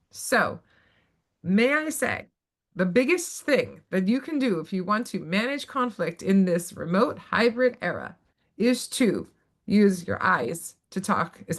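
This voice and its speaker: A woman speaking as a panelist on a webinar, emphatic and lively, acting out little quoted exchanges as she explains. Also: on the high side. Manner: emphatic, acts out quoted voices. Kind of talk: animated webinar talk. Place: video call.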